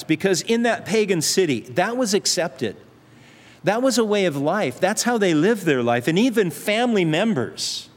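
Man, preacher, earnest conversational sermon, fairly high voice, long hall reverb.

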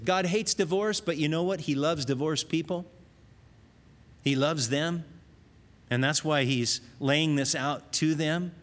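A man's voice: a little high, a little slow, long reverb tail. A man preaching a sermon, reading scripture and urging his listeners, often speaking God's words in the first person. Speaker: pastor.

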